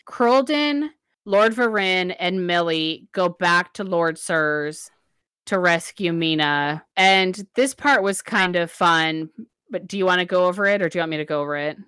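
A woman recapping a novel in a casual book chat, animated and laughing often. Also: on the low side, measured pace, smooth, no echo, studio quality. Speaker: book podcast co-host.

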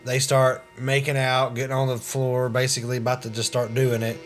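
A man with an ordinary middle-pitched voice, easygoing as he walks through a movie's plot step by step, restarting sentences as he goes. Soft music sits faintly behind him. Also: fairly quick. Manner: relaxed storytelling, trailing restarts. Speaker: podcast co-host. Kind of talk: casual movie recap chat.

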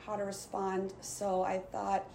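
A woman's voice: medium pitch, unhurried, creaky. A young woman in her twenties telling a candid dating story in casual chat, acting out what people said. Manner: candid, animated storytelling with acted-out quotes. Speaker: podcast guest. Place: room in Los Angeles. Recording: echoey room, faint background hiss.

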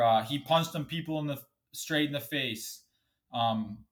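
A man's voice: a little high, fairly bright tone. A man hosting a solo podcast from his bedroom, ranting angrily and swearing a lot, a bit sniffly. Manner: angry, profane, swears often. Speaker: podcast host.

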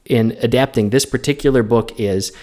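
A man co-hosting a film podcast, giving opinionated, animated takes in casual chat. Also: mid-range voice. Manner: opinionated, animated film talk with quick asides. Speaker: podcast co-host.

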